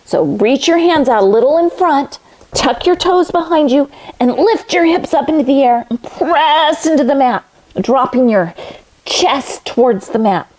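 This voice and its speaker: A woman teaching yoga to children through a storybook reading, gentle and instructive, making animal sounds along the way. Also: high-pitched, lively intonation, a little slow. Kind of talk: storytelling yoga lesson for kids.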